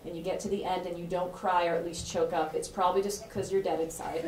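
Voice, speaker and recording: A woman's voice: fairly low pitch, level tone, quick pace, hardly any pauses, heavy background noise. A woman giving a heartfelt introduction speech for an author at a bookstore event, chatty and effusive, laughing often as she talks. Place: bookstore event room with an audience. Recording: roomy hall, voice picked up from a distance, faint ambience.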